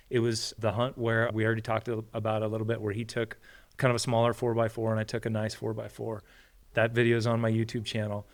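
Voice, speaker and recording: A man, a podcast guest and hunter, telling stories in an earnest, conversational way. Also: mid-range voice. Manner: earnest, storytelling with acted quotes. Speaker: hunter and parent. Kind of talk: casual storytelling conversation.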